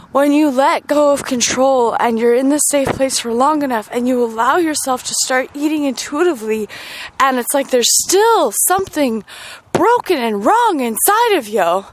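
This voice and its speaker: High-voiced woman venting candidly. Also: slight background noise. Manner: emotional, profane, swings between loud outbursts and quiet murmurs. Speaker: podcast host. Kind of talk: candid personal monologue.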